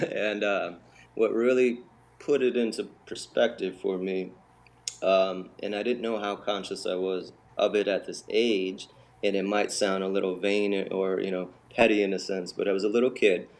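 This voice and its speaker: A man with a lowish voice tells a long personal story as an interview guest. He talks in an animated, conversational way and slips into the voices of the people he quotes. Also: normal speed. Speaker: interview guest, bodywork healer.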